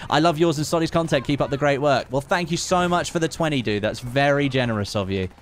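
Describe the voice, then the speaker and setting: A man's voice: fairly high pitch, quick pace, a little hiss or hum. A man streaming gameplay live, upbeat and chatty, thanking viewers between laughs. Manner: upbeat, thanks donors warmly, laughs often. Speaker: gaming streamer.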